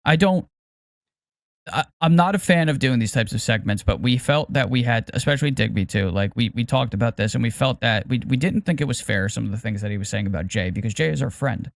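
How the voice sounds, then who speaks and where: A middle-aged man talks through a podcast segment at an ordinary pitch, sounding careful and hesitant and stumbling over repeated words. His voice sits dry and close on the mic. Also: animated, fairly quick, vocal fry, no echo. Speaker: podcast co-host. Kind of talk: casual podcast chat.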